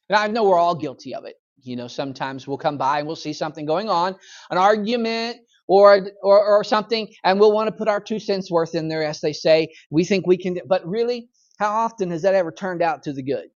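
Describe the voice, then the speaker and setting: A man's voice: sits high, brisk, highs cut off. Pastor teaching, a man repeating "okay?". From United States. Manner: conversational, repeats "okay?", acts out voices. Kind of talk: Bible study sermon. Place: church.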